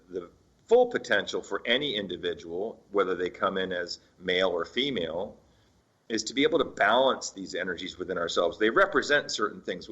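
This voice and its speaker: Low husky older man hosting. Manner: gentle, halting with many fillers. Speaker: radio show host and spiritual teacher. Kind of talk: reflective solo talk. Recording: dull lo-fi sound.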